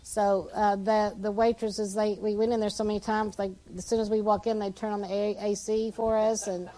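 A woman's voice: medium pitch, flat delivery, normal speed, rough recording. Woman, mission team member, chatty, casual, talking to congregation. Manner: chatty, warm-hearted, with fillers. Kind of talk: casual talk presenting trip photos.

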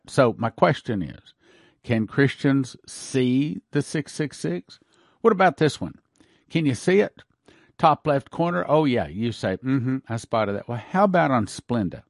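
A man's voice: medium pitch, gravelly, no echo, clean studio sound. Man posing rhetorical questions. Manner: rhetorical questions, counts things aloud. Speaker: Christian prophecy presenter. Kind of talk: conspiracy-style presentation.

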